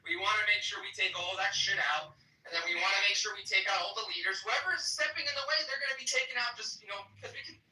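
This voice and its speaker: A fast-talking man with a bright, high voice argues politics, swearing and cutting in on the others. He sounds distant, in a roomy space with faint background noise. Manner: profane, combative, talks over others. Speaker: political livestream host. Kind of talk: heated political debate.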